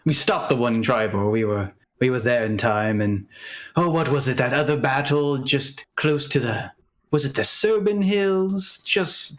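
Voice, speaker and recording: A man's voice: mid-range voice, a bit bright, lightly acted. A man voicing a boastful, charming adventurer in a tabletop role-playing game. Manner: boastful, bubbly.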